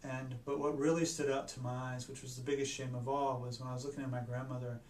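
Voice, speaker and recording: A man tells a personal story in an earnest, halting way, often restarting his sentences. His voice sits at a middle pitch and is picked up from a distance in an echoey room, with a faint hum of ambience behind him. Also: flat delivery, a little mellow. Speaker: doctor.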